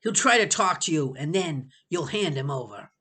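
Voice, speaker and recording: A woman's voice: low voice, lively intonation, normal speed, pushed and bright, breathy edge, heavily acted. A woman voicing a scornful, bossy boy who speaks with disgust and gives orders, in a storybook reading. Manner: disgusted and commanding.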